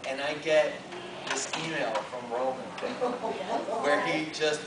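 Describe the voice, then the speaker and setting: A man telling a self-mocking story in a lively, joking way to a convention audience, recorded from afar in an echoey hall. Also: on the high side. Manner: lively, joking, self-mocking, with quick restarts and acted-out voices. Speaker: guest artist at a fan Q&A. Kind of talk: animated storytelling at a convention panel. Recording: echoey convention hall from far off, loud noise.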